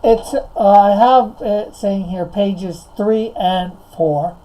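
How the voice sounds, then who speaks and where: A man's voice: sits high, takes it slowly, warm tone, rough recording. A man on a remote call in a casual live stream, reading out his story notes hesitantly and chatting. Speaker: comic writer.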